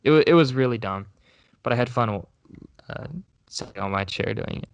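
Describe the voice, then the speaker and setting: A young man co-hosting a casual podcast, talking in a loose, rambling way with frequent restarts. His voice is smooth and resonant, recorded close and dry with no room echo. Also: mid-range voice, normal speed. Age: young adult. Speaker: co-host.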